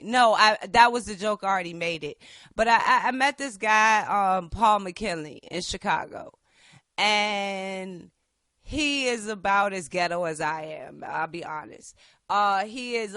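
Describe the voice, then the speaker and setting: A woman hosting a podcast, talking in an impassioned, profane way that swings between quiet and loud. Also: mid-range voice, dry recording. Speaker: podcast host. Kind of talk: casual political chat.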